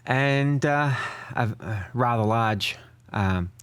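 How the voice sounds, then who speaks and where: An Australian man from Australia, a guest in a casual interview, telling stories at a relaxed pace with hesitations. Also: mid-range voice, slow pace, clean tone, dry recording.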